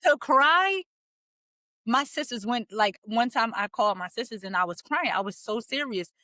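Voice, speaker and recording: Candid, higher-voiced woman in her thirties. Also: normal speed, no room sound. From Philadelphia, USA. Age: 30s. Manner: candid, laughs easily, lively retelling. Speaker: podcast guest. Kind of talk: casual personal storytelling.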